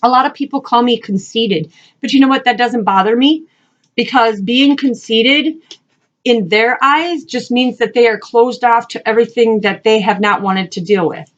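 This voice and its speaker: A woman reading spiritual messages, earnest and repetitive, speaking encouragingly and asking spirit questions out loud. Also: fairly high pitch, normal speed, highs cut off. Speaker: spiritual reader and channel host. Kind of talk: casual spiritual card-reading talk.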